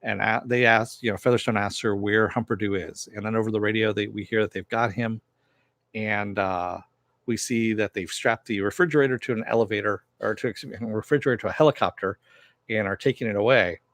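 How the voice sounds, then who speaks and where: A lower-pitched man talks through a TV episode in a loose, rambling recap, leaning on fillers as he goes. His voice sits close to the mic, with a dry, plain sound. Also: steady tone, a little fast, fairly bright tone, no room sound. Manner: rambling, filler-heavy storytelling. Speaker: TV recap reviewer.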